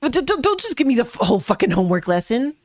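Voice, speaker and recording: Racing along in a fairly high voice with big pitch swings, a woman streams a video game from home, giggling, making jokey asides, and reading the game dialogue aloud. It's casual let's-play commentary in a playful mood, captured as a dry, studio-quality recording.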